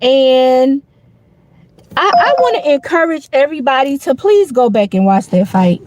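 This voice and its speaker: A woman's voice: high voice, very animated, unhurried, a little mellow, poor audio. A woman hosting a live boxing show, talking in a loose, rambling, casual way with lots of "you know what I'm saying". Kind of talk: casual live stream commentary.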